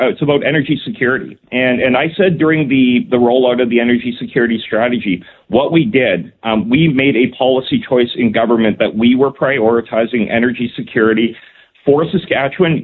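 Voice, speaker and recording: A man's voice: medium pitch, slight background noise. A man, a provincial cabinet minister answering radio interview questions in an earnest, emphatic way, full of "um" and restarts. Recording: phone-line call-in audio.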